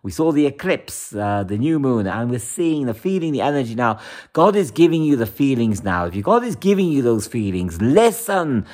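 A man's voice: mid-range voice, sing-song, normal speed, a little mellow. A man giving an emphatic, repetitive horoscope monologue as an astrologer, often laughing.

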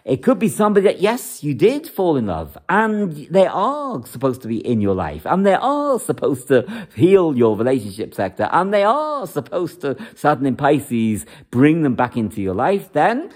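A man's voice: fairly high pitch, huge pitch swings, normal speed, hardly any pauses, a little mellow. A man giving astrology forecasts for each star sign in an emphatic way, repeating phrases to drive his points home. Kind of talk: horoscope forecast talk.

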